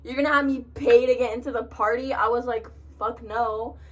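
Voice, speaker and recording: A young woman, a college freshman, telling a profane, animated story to the camera while doing her makeup. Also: fairly high pitch, moderate pace, far from the mic. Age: young adult. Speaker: vlogger. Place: in front of a mirror, doing makeup. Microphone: camera a short distance away.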